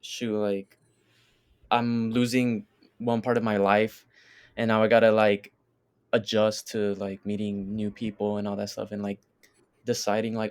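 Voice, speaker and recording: A man's voice: on the low side, little pitch movement, a little slow, long pauses, darkish tone, smooth. A man co-hosting a podcast in casual chat, retelling scenes in a loose, rambling way full of fillers. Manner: rambling, filler-heavy storytelling. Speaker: podcast co-host.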